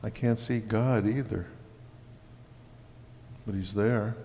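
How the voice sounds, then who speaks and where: Male pastor, unhurried sermon delivery, long church reverb, faint hum behind. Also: fairly low pitch, fairly even intonation, mellow. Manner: slow and deliberate, stirring bursts on key words.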